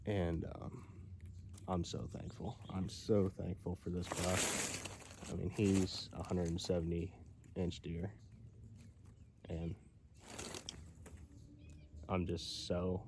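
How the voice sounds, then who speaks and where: A winded man speaks slowly into his phone outdoors, his low voice gravelly and hushed with awe. Soft exclamations break up his talk, with faint outdoor sound behind him. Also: level tone, background noise. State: out of breath. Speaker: bow hunter filming his hunt. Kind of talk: casual outdoor vlog talk. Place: outdoors in wooded logging country.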